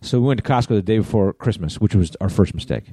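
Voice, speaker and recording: A middle-aged man with a low, mellow voice tells a story in an easy, casual way, dry-witted and teasing, with the odd curse word. He is recorded close up and dry, with no room sound. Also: animated, quick pace, husky, no echo. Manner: wry, teasing, backchannels often. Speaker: podcast co-host. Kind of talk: casual chat.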